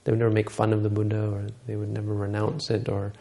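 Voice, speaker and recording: This dharma talk features a man retelling a Buddhist tale in a halting way, repeatedly restarting and fixing his words. His voice stays flat, low, gravelly and dark.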